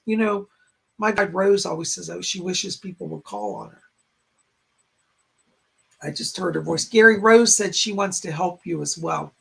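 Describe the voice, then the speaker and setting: A man hosting a psychic live stream in a raspy, strained voice, relaying spirit messages in short, halting phrases. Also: high-pitched, expressive, fairly bright tone. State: strained, hoarse voice. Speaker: psychic medium host. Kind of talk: live-stream chat and readings. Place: home in a rural area.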